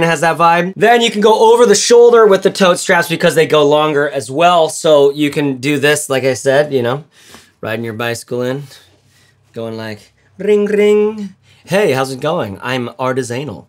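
A man with a slightly high voice talks through a bag review in a loose, rambling way. He jokes, swears now and then, and fills gaps with lots of "like" and "you know.". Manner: rambling, joking and profane, lots of filler words. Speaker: gear reviewer and channel host. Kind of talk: casual product review vlog.

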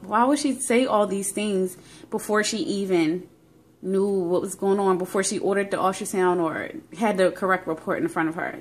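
Young woman vlogger, talks loosely with fillers and feeling, phone-recorded. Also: mid-range voice. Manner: rambling, emotional storytelling with many fillers. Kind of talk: casual pregnancy update vlog.

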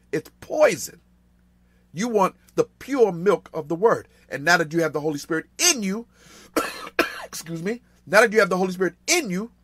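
A man with a fairly high voice leads a Bible study, hammering key phrases again and again. He drops to near-hushed asides between stressed lines, recorded dry and close with no room sound. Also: no room sound. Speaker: Bible teacher.

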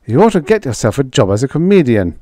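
Read by a man, a quick, acid-tongued young secretary snaps back in curt retorts. Her voice is lifted and lively, set close and dry for a story reading. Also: mid-range voice, no room sound, voice pushed up. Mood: tart.

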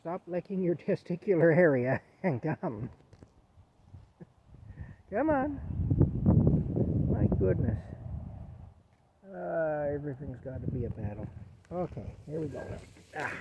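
A man's voice: a little high, moderate pace, muffled recording, background noise. A man vlogging outdoors beside a camper, chuckling as he keeps calling his cat to come. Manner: coaxing, chuckling, repeats calls to his cat. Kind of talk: casual talk to camera while coaxing a pet.

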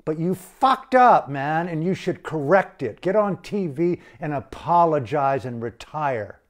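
A man with a somewhat high-pitched voice, ranting with blunt outrage. He talks in a profane, impassioned way, as if addressing leaders directly. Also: expressive, a little slow. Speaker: activist. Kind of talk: impassioned video rant.

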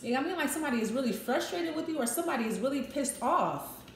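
Woman doing a tarot reading, kinda high voice, roomy echo, faint hiss behind. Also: lively intonation. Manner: thinks aloud, acts out quick quoted voices. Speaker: tarot reader. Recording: echoey room with faint noise.

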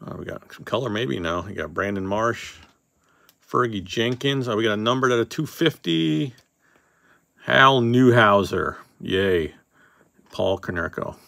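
Gravelly low-voiced man opening card packs. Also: animated, a little slow, sharp tone, no echo. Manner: offhand, joking, swears casually, reads names as he goes. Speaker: card box breaker host. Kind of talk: casual live card-opening commentary.

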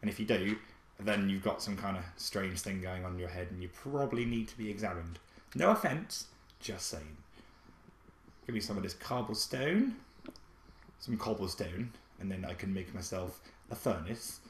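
A young man giving excitable, chatty commentary while playing a game, talking to his pet dog and his viewers. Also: low-pitched, moderate pace, a little hiss or hum. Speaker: let's play gamer. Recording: echoey room with faint music.

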